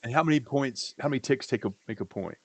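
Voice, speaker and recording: A livestream co-host talks quickly in a mid-range male voice with no echo, riffing casually on trading. He jokes, rambles, and breaks off his own sentences.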